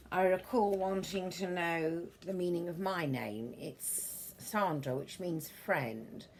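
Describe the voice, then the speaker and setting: A middle-aged woman with a low-pitched voice rambles through a casual show-and-tell of her book collection. She's meandering and slightly prim, fixing her own words and leaning on formal turns of phrase, recorded with a little hiss or hum.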